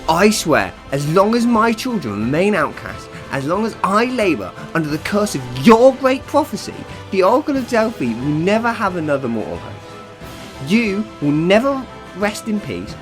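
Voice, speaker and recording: A man's voice: high voice, sing-song, moderate pace, over music, pitched above the performer's own voice. Hades, as a man puts him on, vengeful. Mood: vengeful, solemn. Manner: solemn, declaiming, wobbly put-on accent. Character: vengeful male underworld god cursing.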